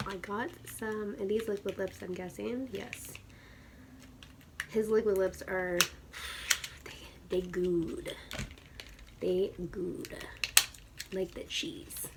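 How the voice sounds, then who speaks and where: A woman's voice: mid-range voice, extremely slow, pauses often, background noise. A woman in her thirties vlogging a beauty unboxing, gushing with squeals and dropping to whispered asides. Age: 30s. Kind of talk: excited unboxing chat.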